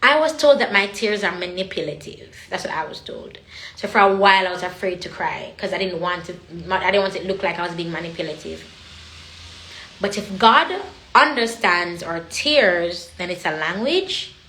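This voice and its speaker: A woman's voice: fairly low pitch, lively intonation, normal speed, sharp tone, roomy sound, a little hiss or hum. A woman talking in an emotional, casual monologue, emphatic and repetitive. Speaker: vlogger.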